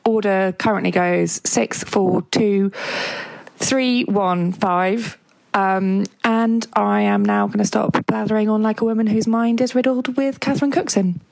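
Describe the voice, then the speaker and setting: A woman's voice: mid-range voice, steady tone, unhurried, vocal fry, a little mellow, low-quality recording. A woman giving an enthusiastic, chatty, rambling review of a comedy episode. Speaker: contributor sending in an episode review. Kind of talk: recorded podcast review segment.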